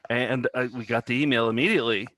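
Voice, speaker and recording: A man's voice: mid-range voice, fairly even intonation, fast talker, a bit bright, dry recording. A middle-aged man co-hosting a casual chat show, rambling with lots of fillers and restarts. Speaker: co-host.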